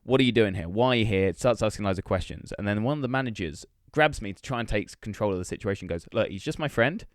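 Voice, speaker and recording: A young man tells a story at a fast clip on a podcast, swearing freely and acting out each line of dialogue. His voice sits at an ordinary pitch and is recorded close and dry, with no room sound. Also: lively intonation, no echo. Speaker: podcast co-host. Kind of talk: casual chat, storytelling.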